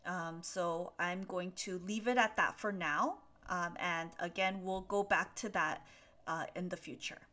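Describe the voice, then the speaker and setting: A woman's voice: lowish voice, steady tone, a little slow, bright, forceful tone. A young woman hosting a live English Q&A, answering chat questions patiently with frequent ums.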